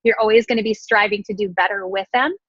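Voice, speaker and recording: A woman leading her sales team in an energetic, frank motivational talk, with a casual swear here and there. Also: medium pitch, fast, husky, no room sound. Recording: dry, slightly dull recording.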